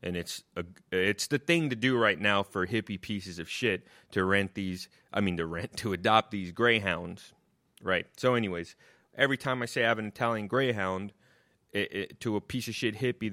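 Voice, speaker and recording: A man's voice: fairly low pitch, normal speed, pushed and bright. Swearing man on a comic rant. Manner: mocking, swears constantly, repeats insults. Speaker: comedian.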